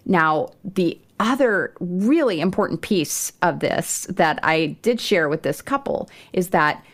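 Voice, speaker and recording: A middle-aged woman with a low-pitched voice hosts a homeschooling podcast. She talks in a relaxed, conversational way, with small restarts and fillers as she explains. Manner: warm, conversational, with occasional laughs and fillers. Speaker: podcast host. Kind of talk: homeschool parenting advice podcast.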